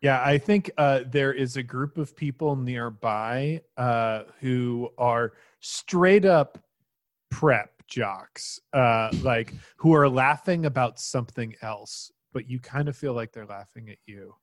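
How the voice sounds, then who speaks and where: A man's voice: medium pitch, slow pace, no echo, studio quality. A young man running a tabletop role-playing game as game master, narrating with playful relish.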